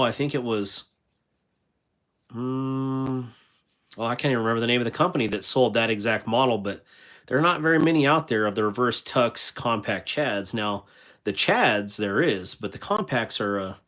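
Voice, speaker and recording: A man's voice: mid-range voice, fairly bright tone. Rambling man hosting a casual livestream. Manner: rambling, with many fillers and restarts; reads viewer comments aloud and answers them. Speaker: livestream host.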